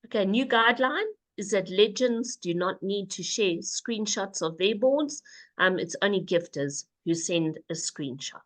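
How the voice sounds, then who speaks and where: Brisk, playful woman presenter. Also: mid-range voice, animated, a bit bright. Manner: brisk, instructive, playful asides. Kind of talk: casual webinar presentation.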